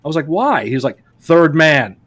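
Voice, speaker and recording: Speaking at a normal speed with a slightly high voice, a male wrestling podcast co-host spins stories in relaxed conversation, laughing a lot and performing the quotes. A little background noise can be heard.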